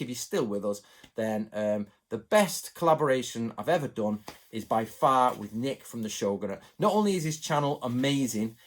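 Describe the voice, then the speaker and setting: A man from England chatting to his viewers in a rambling, animated way, going off on asides. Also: medium pitch. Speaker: channel host. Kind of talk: casual chat to camera.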